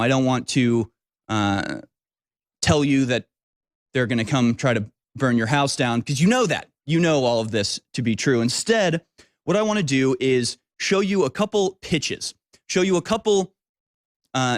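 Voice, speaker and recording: Male commentary host, middle-pitched, rambling and emphatic, with fillers; dry booth sound. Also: no room sound. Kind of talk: opinionated talk-show monologue.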